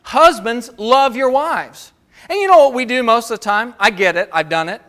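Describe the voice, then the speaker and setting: A man's voice: extremely high pitch, big pitch swings, fast, a bit bright. A man preaching a sermon as pastor, asking the congregation rhetorical questions and acting out the voices of the people he quotes.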